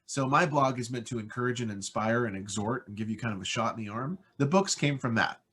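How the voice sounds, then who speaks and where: Husky, enthusiastic American man. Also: medium pitch, fairly quick, fairly bright tone. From United States. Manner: enthusiastic, rambling with fillers. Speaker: voice-over artist guest. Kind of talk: casual interview chat.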